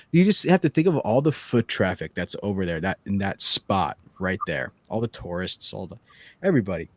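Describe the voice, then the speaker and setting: Low-voiced man telling animated stories. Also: dry recording. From New Jersey. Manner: animated storyteller, acts out quotes, laughs a lot. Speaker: podcast co-host. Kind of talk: casual storytelling chat.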